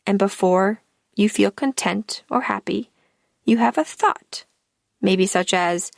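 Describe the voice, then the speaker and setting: A woman life coach hosting her podcast, speaking in a calm, deliberate scripted monologue, and her line ends often trail off into breath. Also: medium pitch, creaky, no echo, clean studio sound.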